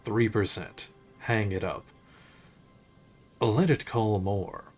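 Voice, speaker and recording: A man streaming a game, reading its narration aloud in a measured, unhurried way with occasional slips. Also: lowish voice, soft background music.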